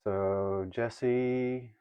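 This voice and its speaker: A man's voice: medium pitch, steady tone, extremely slow, dark tone, smooth, dry recording. A man giving live oracle card readings to viewers he greets by name, casual and swearing now and then. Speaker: livestream card reader.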